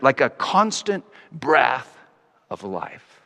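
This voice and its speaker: A man preaching a sermon, his slightly high voice rising and falling in a lively way. He reflects as he talks and slows down to stress key phrases. The sound carries a long echo from a large hall. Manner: reflective, wide-ranging pitch, slows for emphasis.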